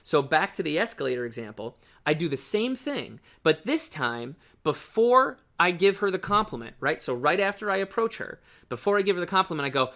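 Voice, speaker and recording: A man with a bright, slightly high voice explains his dating method in a loose, casual way. He talks bluntly and keeps tossing in quick "right?" check-ins. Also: big pitch swings. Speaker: dating coach. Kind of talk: casual instructional talk.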